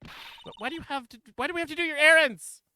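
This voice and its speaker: A man's voice: extremely high pitch, very animated, quick pace, bright, forceful tone, slight background noise, pitched above the performer's own voice, heavily acted. A man voicing an earnest young male defense lawyer in a game, polite and a little exasperated.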